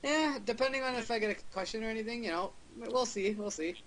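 A man's voice: very high-pitched, fast talker, a bit bright, slight background noise, low-quality recording. A young man arguing bluntly and defiantly as a guest in a heated casual chat. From Canada.

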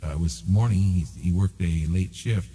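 A man hosting a talk show, telling a story in an animated way and acting out what others said. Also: sits low, moderate pace, husky, in a large hall. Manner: animated, acts out quoted dialogue. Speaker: show host. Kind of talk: storytelling conversation.

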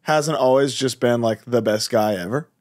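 A man's voice: medium pitch, normal speed. A man co-hosting a podcast, asking questions and teasing in a joking way. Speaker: podcast co-host. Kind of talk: casual podcast conversation.

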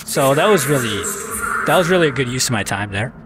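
A man's voice: mid-range voice, sing-song, fairly quick, background noise. A man giving casual, self-mocking commentary while playing a shooter game, talking back to the enemies on screen. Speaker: let's play commentator.

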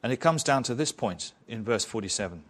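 A man's voice: medium pitch, animated, fairly quick, fairly bright tone, husky. A man preaching an expository sermon in church, retelling a story in a conversational way with rhetorical questions.

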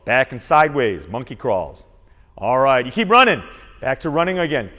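A man leading a kids' martial arts class, his pitch climbing and dropping with lively energy. He talks to young students with frequent checks of "okay?" His voice rings with a long echo, as if in an open hall. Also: normal speed. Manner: energetic, calls out commands to kids.

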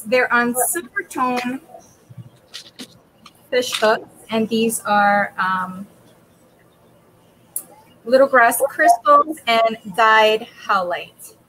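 High-voiced mom co-hosting a live stream. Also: female voice, background noise. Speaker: live auction co-host. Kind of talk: casual live-stream selling.

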